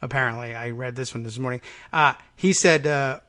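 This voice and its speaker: A man with a mid-range voice hosts a relaxed political chat show. He agrees readily and retells the news with quick quoted asides. He keeps it casual and conversational throughout. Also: medium pitch. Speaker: radio talk show host.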